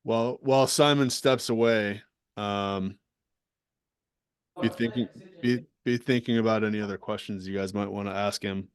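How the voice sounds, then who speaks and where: Smooth low-voiced male host on a call. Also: fairly even intonation, moderate pace, dry recording, studio quality. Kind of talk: casual video call discussion.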